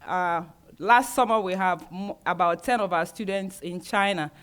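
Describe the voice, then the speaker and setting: A woman's voice: lowish voice, normal speed, a bit bright, clear, resonant tone. A woman who directs a university's global programs, formally presenting a ceremony with frequent hesitations. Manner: formal, with frequent ums and uhs. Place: university auditorium.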